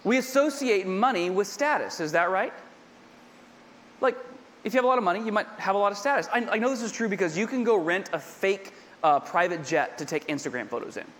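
High-voiced preacher man in a reverberant hall. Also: lively intonation, fairly quick, a bit bright, slight background noise. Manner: conversational, repeats points, humorous asides. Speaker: pastor. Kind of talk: sermon. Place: large church hall with a congregation.

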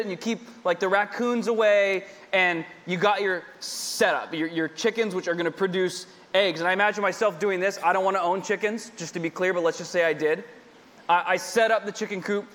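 A man with a high, light voice preaches to a congregation and keeps it chatty, circling back to drive each point home and tossing in jokes as he goes. His words ring out with a long reverb tail from a big church hall. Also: a bit bright. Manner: conversational, repeats points, humorous asides. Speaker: pastor. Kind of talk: sermon.

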